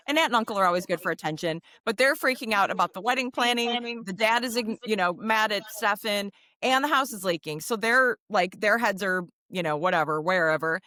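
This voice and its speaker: A woman with a bright, sharp-edged voice recaps a film's plot for a podcast. She rambles easily, strewing her sentences with fillers. The sound is dry and close to the mic. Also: mid-range voice, a little fast, hardly any pauses, dry recording. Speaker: podcast co-host. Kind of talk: casual chat, recapping a film.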